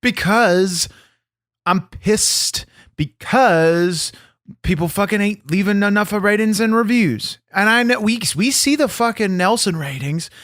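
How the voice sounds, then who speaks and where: A man voicing a foul-mouthed, angry male wrestler persona on a comedy podcast, profane and gruff. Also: sits high, unhurried, a bit bright, no echo, clean studio sound, voice pushed up. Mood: ranting. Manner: profane, gruff, constantly pissed off. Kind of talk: improvised comedy podcast banter.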